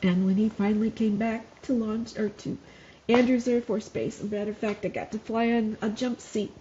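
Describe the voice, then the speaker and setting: A woman's voice: a little high, fairly even intonation, normal speed, muffled recording, noisy background. A middle-aged woman, a former nurse, telling her story on a podcast in an earnest way, laughing often as she speaks. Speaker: podcast guest, mother of a wounded soldier. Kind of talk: emotional podcast conversation.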